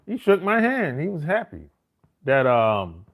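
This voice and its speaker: A man's voice: on the high side, huge pitch swings, unhurried. A middle-aged man, telling stories in a casual, boastful and profane monologue full of slang. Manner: profane, slangy street talk with frequent "man" and "bro"; boastful, swaggering. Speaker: host.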